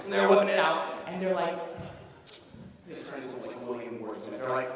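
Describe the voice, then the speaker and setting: A teenage boy performing a rambling, animated, self-mocking stand-up routine as a student comedian on a school stage. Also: mid-range voice, fairly quick, long pauses, crowd noise. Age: teens. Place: large school auditorium stage. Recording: roomy echo from far off, audience ambience.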